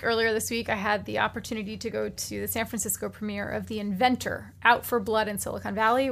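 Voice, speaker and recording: A woman co-hosting a podcast, giving a brisk, informative recommendation in a casual chat. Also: on the high side, fairly bright tone. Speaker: podcast co-host.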